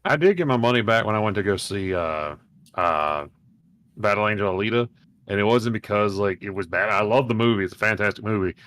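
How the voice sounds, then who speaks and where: A man's voice: on the low side, lively intonation, fairly quick, fairly bright tone. Profane, rambling man telling stories. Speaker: podcast co-host. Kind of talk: casual chat.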